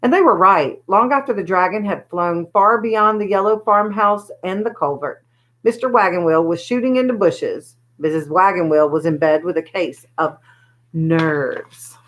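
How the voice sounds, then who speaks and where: A woman reading a children's chapter book aloud, with lively, expressive storytelling. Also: lowish voice, moderate pace, poor audio. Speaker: storybook reader.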